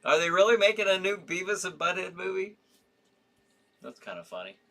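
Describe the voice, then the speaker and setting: A man's voice: high-pitched, sing-song, brisk, pushed and bright. A tired man hosting a casual horror livestream, reading viewer comments and rambling with frequent restarts.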